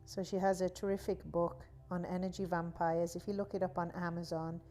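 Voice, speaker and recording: A woman teaching a guided yoga class, talking in a slow, soothing, drawn-out way. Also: fairly low pitch, level tone, dark tone, faint music behind. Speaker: yoga instructor.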